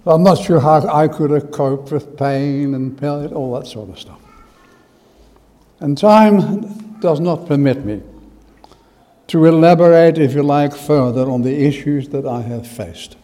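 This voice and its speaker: A man with an Australian accent preaching a sermon in church and telling a personal story. He stresses words with force, then drops to hushed asides. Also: fairly high pitch, unhurried, in a large hall. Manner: emphatic, swings from loud stress to hushed asides.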